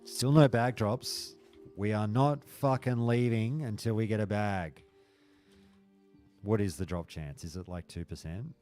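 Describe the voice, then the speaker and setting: A man's voice: fairly low pitch, a little slow, soft background music. A man hosting a stream, chatting casually with his viewers and telling stories full of swearing. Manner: frequent swearing, animated storytelling. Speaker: stream host. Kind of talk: casual chat with live chat.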